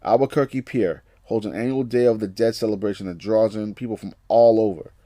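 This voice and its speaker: A man's voice: on the low side, fairly quick, warm tone, no echo, studio quality, close to an everyday voice. A man voicing a chatty young male superhero from a comic book, reading his lines in an eager, rambling way. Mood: upbeat.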